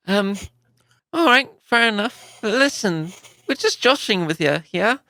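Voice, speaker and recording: A woman's voice: mid-range voice, lively intonation, measured pace, pushed and bright, dry recording. A British woman playing a tabletop game casually, hesitant and playful, with many fillers. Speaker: player. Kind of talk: casual tabletop role-play.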